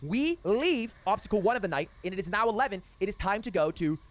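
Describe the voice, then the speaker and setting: A young man in his twenties, a streamer telling a story casually, animated and swearing freely. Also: high-pitched, fast talker.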